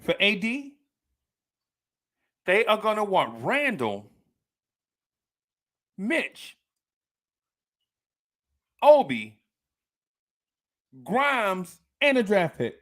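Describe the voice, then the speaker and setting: A man's voice: high voice, wildly swooping pitch, drawn-out words, pauses often, fairly bright tone. A man from Jersey City with a New Jersey accent, hosting a casual podcast, slangy and playful, laughing often and repeating himself. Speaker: podcast host reading listener comments. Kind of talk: casual live podcast chat.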